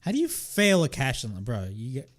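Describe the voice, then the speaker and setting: A man's voice: mid-range voice, wildly swooping pitch, normal speed. A young man hosting a wrestling watch-along, ranting in exasperation, swearing and repeating himself. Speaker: wrestling reaction host.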